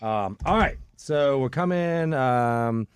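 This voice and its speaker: Male radio host, mid pitch, animated delivery, casual and upbeat. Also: slow, clear, resonant tone. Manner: loose, cheerful, swears casually. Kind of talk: casual chat, running the show. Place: radio studio.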